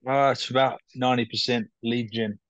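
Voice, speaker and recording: A man with a New Zealand accent, a guest on a podcast, speaking over a video call in a calm, measured, matter-of-fact way. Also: medium pitch, no echo. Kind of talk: casual interview chat. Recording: dull dry video call audio.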